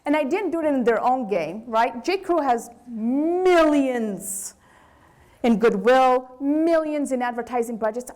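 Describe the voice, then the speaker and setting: A woman with a Brazilian accent, a business owner giving a candid, animated lecture to students. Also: sits high, a little slow. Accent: Brazilian Portuguese. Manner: animated, candid storytelling with acted quotes.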